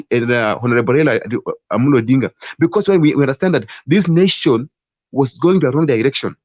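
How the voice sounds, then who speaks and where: A Kenyan man argues with fervor, stumbling over repeated words as he presses his point. His voice sits a little high and sounds husky. The call audio is dull and lo-fi, and it sounds dry. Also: darkish tone, no echo. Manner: passionate, repeats and restarts words often. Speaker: debate participant. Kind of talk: political debate speech.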